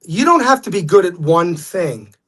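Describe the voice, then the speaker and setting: A man's voice: sits high, normal speed. Man telling stories as a guest. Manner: storytelling, animated when quoting others. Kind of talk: casual interview talk.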